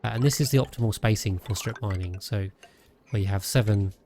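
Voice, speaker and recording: A man with a lowish voice chats his way through a game stream, speaking casually into a desk mic. He thinks aloud, restarting and trailing off as he plays. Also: fairly quick, dark tone, a little hiss or hum. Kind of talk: casual gameplay commentary.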